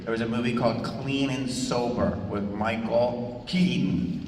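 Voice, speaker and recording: Man, comedian, convention panel, quick jokes, distant mic, long hall reverb. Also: medium pitch. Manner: quick joking asides, animated punchlines. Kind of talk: casual panel storytelling. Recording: echoey convention hall from far off with noise.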